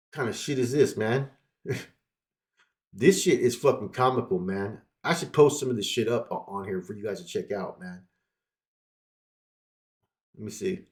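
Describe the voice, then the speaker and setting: A man's voice: medium pitch, moderate pace. A man casually telling a personal story straight to his viewers, swearing often and packing his talk with fillers. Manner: profane, animated storytelling with lots of fillers.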